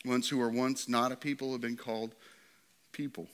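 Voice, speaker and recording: A pastor preaching a sermon to his church, swinging from loud and excited to quiet and hushed. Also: mid-range voice, moderate pace, clear, resonant tone.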